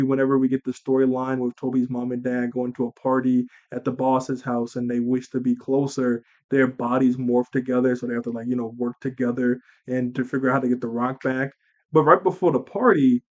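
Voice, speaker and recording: A young man casually recapping a movie he watched as a kid, rambling, animated and laughing as he acts out lines. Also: mid-range voice, muffled recording. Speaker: movie reviewer.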